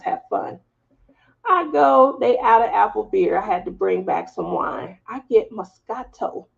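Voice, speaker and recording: A woman's voice: mid-range voice, gravelly. A woman with a Southern US accent hosting a craft live stream, chatting casually and telling stories with laughs in between. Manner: chatty, laughing, storytelling asides. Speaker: craft channel host. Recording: slightly dull lo-fi audio.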